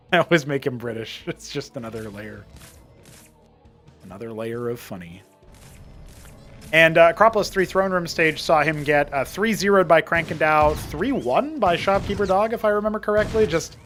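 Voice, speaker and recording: A male esports caster with a somewhat high voice, talking through a live match in a chatty, rambling way that turns excitable when fights break out. Soft music runs underneath. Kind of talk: live tournament play-by-play commentary.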